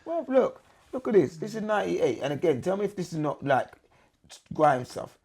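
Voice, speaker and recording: An English man, an MC appearing as a guest, chats in a casual interview with a high, sing-song voice at a moderate pace while a crowd sounds behind him. His talk is slangy street speech, repetitive, and he keeps asking "you understand."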